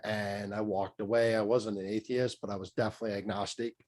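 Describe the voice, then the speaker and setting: A man's voice: fairly low pitch, flat delivery, fairly quick, a little mellow. Candid rambling middle-aged man. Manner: candid, rambling with many fillers and restarts. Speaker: podcast guest, mindset coach. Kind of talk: casual storytelling interview.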